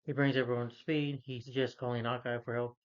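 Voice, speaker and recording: Speaking fast and with a level tone, a male film reviewer offers a casual, loose recap of a movie's plot, restarting sentences, adding fillers, and reciting quoted lines in his own voice. His pitch sits in the middle range for a man, and the recording is a bit dull and lo-fi.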